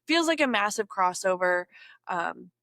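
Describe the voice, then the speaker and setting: A woman's voice: mid-range voice, animated, measured pace, bright, forceful tone, no room sound. A woman talking casually to camera at home in a chatty, upbeat way, often saying "like". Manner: chatty and upbeat, heavy use of "like". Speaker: bird content creator. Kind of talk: casual vlog talk to camera.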